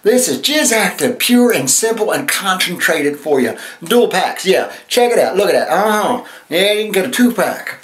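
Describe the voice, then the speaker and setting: A man playing a flamboyant male infomercial pitchman with over-the-top sales patter, recorded in an echoey room. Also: very animated, moderate pace, hardly any pauses, fairly bright tone. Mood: hyped.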